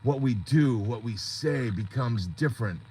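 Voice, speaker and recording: A man's voice: mid-range voice, expressive, unhurried, darkish tone, a little hiss or hum. A man hosting a support group on a live stream, talking in an earnest, rambling, motivational way.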